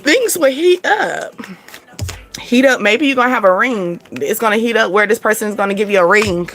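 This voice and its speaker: A woman's voice: medium pitch, fast, fairly bright tone, a little hiss or hum. A woman, giving a casual spiritual tarot card reading in a chatty, repetitive way with frequent laughs.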